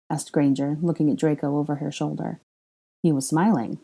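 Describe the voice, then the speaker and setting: A woman reading a story aloud as a fan fiction narrator, in a measured, even delivery with wry asides. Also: low-pitched, breathy edge. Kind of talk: audiobook narration.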